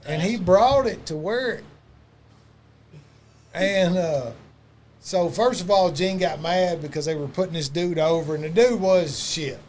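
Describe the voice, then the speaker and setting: A man's voice: sits high, a little slow, pauses often, darkish tone, a little hiss or hum. Man spinning loose wrestling stories. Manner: loose, profane storytelling with lots of fillers. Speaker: wrestling podcast guest. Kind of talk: casual storytelling chat.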